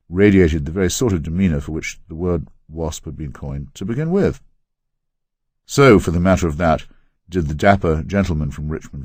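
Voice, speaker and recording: An English man narrating his memoir as an audiobook in a wry, measured, ironic way. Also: very deep voice, a little mellow, no echo, studio quality. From England.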